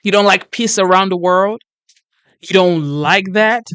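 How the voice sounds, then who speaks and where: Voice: mid-range voice, unhurried, fairly bright tone, clean tone, no echo. A host giving casual reaction commentary, earnest and exasperated, sometimes preachy.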